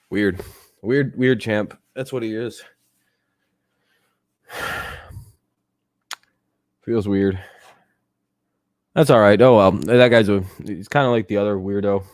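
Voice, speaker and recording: Young man, lowish voice, dry close sound, rambling profane stream chat. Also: steady tone, slow pace, long pauses, darkish tone, dry recording. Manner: rambling, profane, laughs often, talks to chat. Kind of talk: casual live-stream chat.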